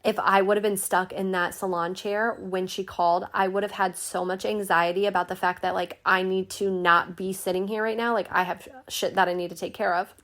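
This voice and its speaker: A woman's voice: medium pitch, flat delivery, a little fast, hardly any pauses, fairly bright tone. A young woman hosting a podcast, telling a story in a casual, chatty way, swearing freely and full of "like" fillers. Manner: chatty, swears freely, many "like" fillers, acts out quoted voices. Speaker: podcast host.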